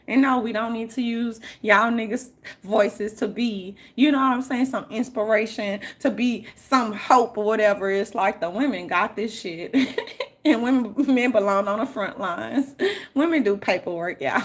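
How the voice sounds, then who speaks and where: A woman's voice: fairly high pitch, normal speed, a bit bright. A young woman vlogger rambling to her viewers in a profane, slang-heavy monologue, laughing often.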